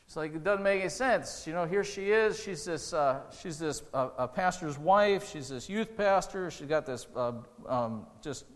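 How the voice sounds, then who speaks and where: A man's voice: on the high side, lively intonation, measured pace, few pauses, big-room sound. A man preaching a sermon as pastor, earnest and conversational, with restarts and rising emotional peaks.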